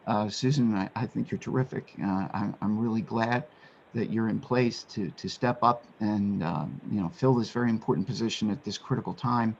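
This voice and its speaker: A man speaking as a commissioner at a public meeting, offering sincere remarks haltingly, with many restarts. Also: on the low side, vocal fry, highs cut off, slight background noise.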